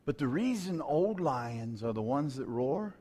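A male pastor preaching a sermon, moving between quiet storytelling and loud, shouted preaching. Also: mid-range voice, sing-song, unhurried, slightly rough.

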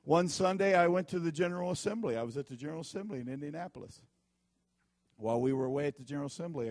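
A man's voice: on the high side, darkish tone, dry recording, clean studio sound. Folksy, emphatic preacher man. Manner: folksy, emphatic storytelling with repeated warnings. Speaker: pastor. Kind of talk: sermon.

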